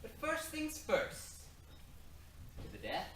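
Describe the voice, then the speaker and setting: A man's voice: very high voice, wildly swooping pitch, slow, a bit bright, heavily acted. A man as a sneering cowardly prince. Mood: smug. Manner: sneering, smug laughs. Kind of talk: amateur stage acting. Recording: echoey room from far off, noisy.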